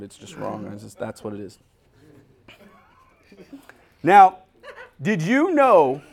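Comic male preacher, middle-aged, lively swooping voice, acts out bits for laughs. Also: medium pitch, creaky. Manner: animated, jokey, acts out little scenes. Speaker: pastor. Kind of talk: humorous sermon.

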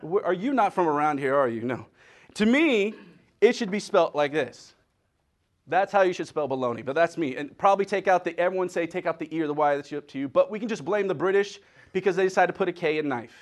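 A man's voice: high-pitched, fairly quick. A middle-aged man preaching a humorous sermon, telling stories with playful wordplay. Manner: animated storytelling with playful wordplay.

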